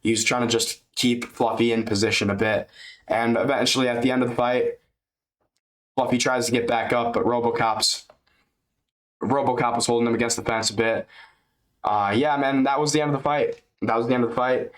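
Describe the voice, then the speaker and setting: A man's voice: medium pitch, level tone, brisk. Chatty, swearing man recapping fights. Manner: loose and chatty, swears, says man and dude. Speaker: MMA YouTuber. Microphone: webcam.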